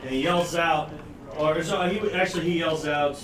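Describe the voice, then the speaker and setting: A man's voice: on the high side, steady tone, normal speed, reverberant, recorded from a distance, a crowd in the background. A man narrating a tabletop game as dungeon master, loose and rambling, laughing often.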